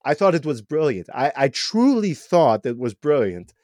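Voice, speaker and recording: A man hosting a football podcast in casual chat, animated and often restarting his words. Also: fairly high pitch, normal speed, no room sound, clean studio sound. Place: home room with TV on.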